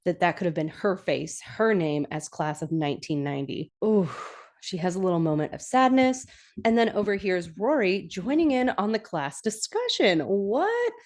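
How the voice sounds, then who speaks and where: A young woman hosting a podcast, chatting casually as she recaps a TV episode with frequent giggles. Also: normal speed. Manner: chatty, giggly, animated, acts out quotes in a higher voice.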